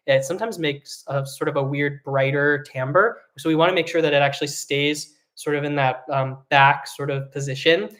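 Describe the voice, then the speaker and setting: Chill vocal coach talking thru technique, lots of ums, easygoing explainer. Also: medium pitch. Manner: relaxed and explanatory, with frequent fillers. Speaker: singing teacher. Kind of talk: online vocal lesson.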